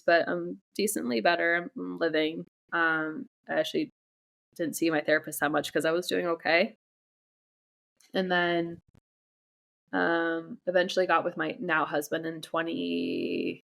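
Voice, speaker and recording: A young woman sits for a frank, personal interview, her voice low and edged with vocal fry. She speaks bluntly and swears without a second thought. She keeps breaking off mid-sentence and starting over as she works through her story. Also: a bit bright. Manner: candid, blunt, swears freely; halting, restarts sentences often. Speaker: interview guest.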